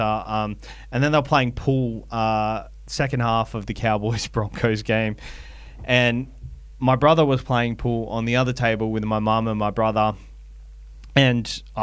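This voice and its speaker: A man's voice: mid-range voice, a bit bright, clear, resonant tone, no echo. A man with an Australian accent co-hosting a fantasy footy podcast, telling stories animatedly and laughing often. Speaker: podcast co-host. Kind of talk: casual chat, storytelling.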